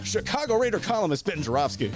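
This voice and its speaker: Easygoing male co-host and announcer, lively pitch, loud music bed. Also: quick pace. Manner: lively and easygoing, jokes about himself. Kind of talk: show introduction and casual banter.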